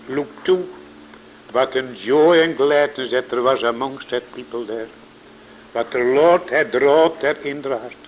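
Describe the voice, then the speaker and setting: Slow, bright-voiced man preaching. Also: fairly high pitch. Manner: slow, emphatic preaching with repeated words. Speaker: pastor. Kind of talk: sermon. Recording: muffled lo-fi sermon recording with faint hiss.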